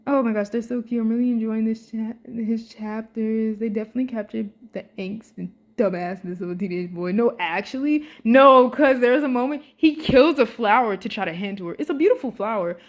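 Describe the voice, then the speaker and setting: Young female vlogger, excitable fan chatter, swears a lot, lots of slang. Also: on the high side, brisk, few pauses. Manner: excitable and animated, swears freely, uses slang. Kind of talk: casual fan commentary.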